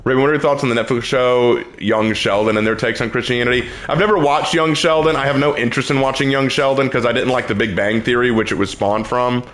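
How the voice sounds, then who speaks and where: A man's voice: fairly even intonation, quick pace, hardly any pauses, fairly bright tone. A young man on a live stream who answers chat questions about faith in an earnest, emphatic, preacher-like way. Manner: earnest, emphatic, pitch swings when preaching.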